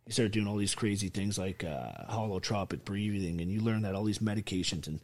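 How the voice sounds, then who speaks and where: Profane, blunt man, low voice. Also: brisk, darkish tone. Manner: blunt, heavily profane, emphatic. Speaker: guest, army veteran. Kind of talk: casual interview storytelling.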